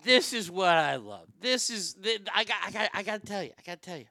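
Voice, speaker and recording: A man's voice: sits high, animated, fast talker, vocal fry, sharp tone, no room sound, clean studio sound. A man hosting a livestream in casual commentary, rambling with stammered restarts and a mocking tone. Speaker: livestream host.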